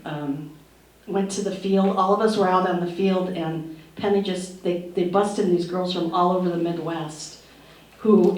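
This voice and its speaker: A middle-aged actress telling an animated anecdote at a panel, acting out the voices she quotes and laughing often. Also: fairly low pitch. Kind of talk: lively anecdote at a museum panel. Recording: distant roomy hall with faint noise.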